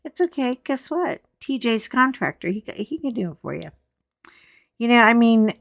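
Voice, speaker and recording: A woman's voice: lowish voice, dry recording. A woman hosting a casual video from home, chatting and telling a story into a desk microphone, laughing often and breaking into acted quotes. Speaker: vlog host.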